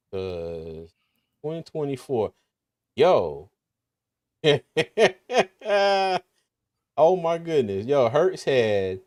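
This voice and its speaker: A man's voice: mid-range voice, a little mellow. A man with a slight lisp hosting a casual sports talk livestream, rambling and laughing often. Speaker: podcast host.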